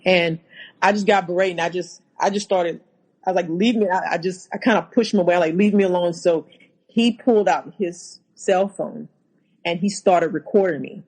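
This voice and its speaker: A woman's voice: on the low side, husky, rough recording. Woman recounting a painful relationship. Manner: halting, repeats words, acts out quotes. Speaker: guest. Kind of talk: personal account in a podcast interview.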